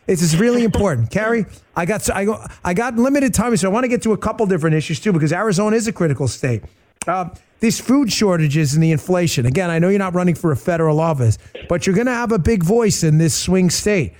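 High-voiced, emphatic talk show host man. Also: lively intonation, a little mellow. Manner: emphatic, quick asides, pleading pitches to listeners.

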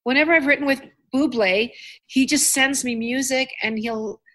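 A woman's voice: high-pitched, moderate pace, fairly bright tone. A woman hosting a casual chat, enthusiastic and rambling. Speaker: host.

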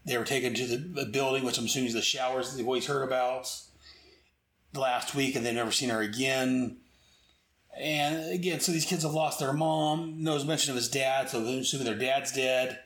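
A man's voice: mid-range voice, steady tone, moderate pace, fairly bright tone. A man casually reviewing a comic book, rambling with frequent restarts and asides. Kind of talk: casual commentary. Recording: echoey room.

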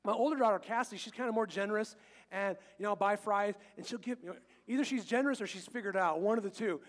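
Chatty joking pastor man, high voice. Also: fast, big-room sound. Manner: chatty and joking, quotes scripture, acts out little scenes. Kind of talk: casual humorous sermon. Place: church sanctuary.

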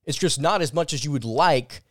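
A man's voice: fairly high pitch, moderate pace, dry recording. A man hosting a sports podcast in casual, opinionated talk, close to the mic. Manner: chatty, opinionated and self-deprecating. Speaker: podcast host.

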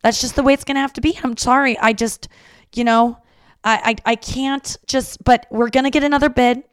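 A woman imitating a flustered middle-aged mother who keeps apologizing in halting, broken phrases. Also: fairly high pitch, steady tone, clear, resonant tone, dry recording, clean studio sound, voice pushed up, close to an everyday voice.

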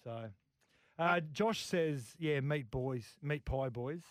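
Easygoing radio co-host spinning yarns. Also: male voice, mid-range voice, takes it slowly, no room sound. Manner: easygoing, tells yarns, reads out listener texts. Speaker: radio sports show co-host. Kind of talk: casual radio talk show banter. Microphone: studio microphone.

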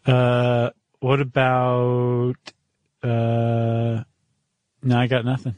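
A man's voice: mid-range voice, monotone, very slow, darkish tone, no echo. A middle-aged man with a General American accent, hosting a podcast in casual, teasing chat. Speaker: podcast host.

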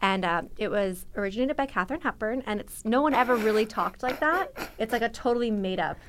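A woman's voice: on the high side, lively intonation, fast talker. Rambling woman podcast guest. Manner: rambling with many fillers. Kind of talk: casual podcast chat.

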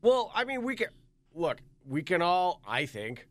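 A man's voice: sits high, big pitch swings, unhurried, no echo. A man hosting a radio morning show, bantering in a jokey, upbeat way. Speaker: radio host. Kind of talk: casual morning show chat. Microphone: studio microphone.

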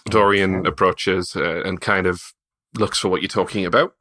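Lowish-voiced man, hesitant player. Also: steady tone, moderate pace, pushed and bright, dry recording, clean studio sound. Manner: hesitant, giggly. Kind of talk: casual tabletop play.

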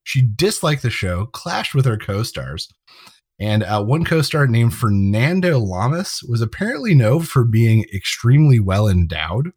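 Husky man recapping an episode with a laugh. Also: medium pitch, big pitch swings, measured pace, a little mellow, no echo. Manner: laughs often while recapping, trivia-minded. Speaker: podcast co-host. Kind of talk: casual chat recapping a TV episode.

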